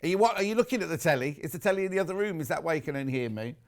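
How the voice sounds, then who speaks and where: A British man hosting a live shopping show, his voice sitting a little high for a man. He chats loosely with the crew and viewers, reading out their messages. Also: animated, very fast. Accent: British English. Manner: chatty, reads out viewer messages. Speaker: shopping channel presenter. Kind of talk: live TV sales chat.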